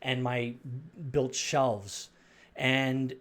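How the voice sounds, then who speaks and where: Middle-aged man, Arizona-raised, halting testimony, mid-pitched everyday voice. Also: fairly even intonation, fairly bright tone. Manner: rambling, halting, with restarts and fillers. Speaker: storyteller. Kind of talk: personal testimony.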